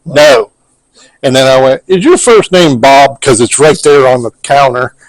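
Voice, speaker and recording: A man's voice: mid-range voice, lively intonation, moderate pace, no echo, poor audio. Guy retelling what happened in the session, dry close mic. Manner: retells questions and answers. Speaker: paranormal investigator. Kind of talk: casual storytelling recap.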